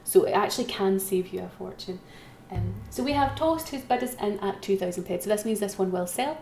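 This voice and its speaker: A woman's voice: medium pitch, expressive, fairly quick, creaky, darkish tone, slight background noise. Chatty woman calling an auction. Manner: chatty, self-mocking, repeats calls for bids. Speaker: auction host. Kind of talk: live-streamed auction commentary. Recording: roomy echo, faint keyboard typing.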